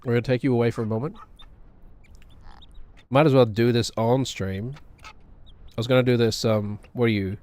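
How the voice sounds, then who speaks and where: Streamer dude rambling on, laughs a lot, mid-pitched, goofs on himself. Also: male voice, steady tone, normal speed, pauses often, a little mellow. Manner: rambling, self-mocking, laughs often. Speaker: game streamer. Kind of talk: casual live-stream chat.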